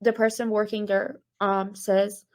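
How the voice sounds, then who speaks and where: A woman from Iran talks through a written account she is reading, in a casual, conversational way. Her voice sits at an ordinary middle pitch, and she hesitates often, filling gaps with "um" and "like" before picking her sentences back up. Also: level tone, unhurried. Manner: hesitant, many fillers and restarts. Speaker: correspondent recounting a news story.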